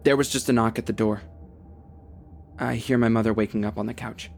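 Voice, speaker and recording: A young man narrating a first-person horror story in a steady, tense telling. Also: fairly low pitch, fairly quick, creaky, soft background music. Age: young adult.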